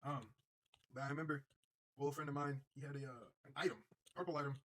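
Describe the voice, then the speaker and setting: A man's voice: mid-range voice, steady tone, fast. A young man streaming, telling a rambling, profane story in a casual way and repeating himself as he goes.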